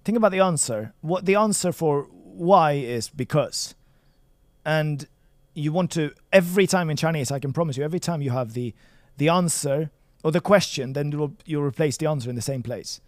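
A man's voice: fairly high pitch, normal speed, no echo, clean studio sound. A man from Sweden tutoring Chinese in a casual lesson, encouraging and playful, praising his student often. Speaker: language tutor.

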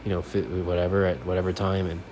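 A man from Miami talking alone on his sports podcast in his apartment, cursing constantly and swinging between low, subdued mumbling and loud, animated ranting. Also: fast, a little hiss or hum. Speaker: podcast host. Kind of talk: casual solo sports podcast rant.

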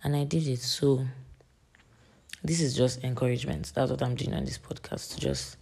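Gravelly, husky-voiced young woman podcaster. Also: very deep voice, steady tone, normal speed, darkish tone. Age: late teens. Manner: earnest and rambling, with many fillers. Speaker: podcast host. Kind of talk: faith encouragement podcast monologue.

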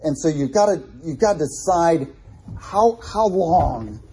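A man preaching a sermon, telling animated personal stories with many restarts. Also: a little high, a little slow, slightly rough. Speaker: pastor.

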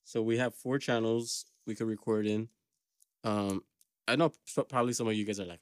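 A man's voice: lowish voice, steady tone, normal speed, clean tone, no echo, clean studio sound. A man co-hosting a podcast in casual chat, rambling through stories with lots of slang and swearing. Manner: rambling storyteller, heavy slang and swearing, laughs often. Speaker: podcast co-host.

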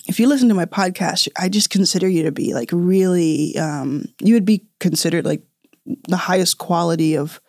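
A woman's voice: fairly low pitch, dark tone, no echo, studio quality. A woman hosting her own podcast, talking to listeners in an earnest, chatty way from a small podcast room. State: tearful. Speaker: podcast host. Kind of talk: casual heartfelt podcast monologue.

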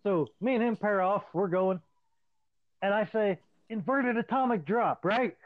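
A man's voice: high-pitched, a little slow. A man telling profane wrestling stories in casual chat, acting out the voices of the people in them. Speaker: podcast co-host, former wrestler. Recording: dry, tinny phone-like sound.

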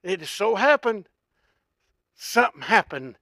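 An older man preaching a folksy, impassioned sermon that swells into shouts. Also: sits high, very animated, measured pace, dry recording, studio quality.

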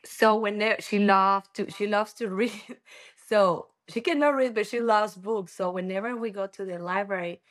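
A woman's voice: medium pitch, normal speed. A woman from Ecuador, a native Spanish speaker with a Spanish accent, chatting as an interview guest and laughing often as she tells family stories. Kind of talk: casual interview.

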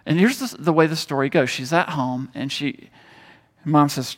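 A man preaching a sermon, telling a story and moving between loud emphasis and hushed tones. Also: fairly high pitch, moderate pace. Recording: long hall reverb.

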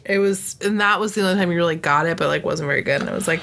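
A woman's voice: fairly low pitch, rapid-fire, creaky, a bit bright, slight background noise. A woman co-hosting a podcast in casual chat, chatty with dry quips. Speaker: podcast co-host.

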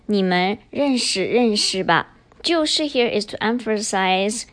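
Lively-voiced woman teaching Chinese. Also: mid-range voice. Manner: explains slowly, repeats example sentences. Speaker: podcast host and Chinese teacher. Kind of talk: bilingual language lesson.

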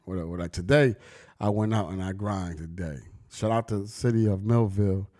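A man's voice: fairly low pitch, a little fast, dark tone. A middle-aged man vlogging in casual, slangy street talk, telling stories emphatically and preaching to his listeners. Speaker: vlogger and brand owner.

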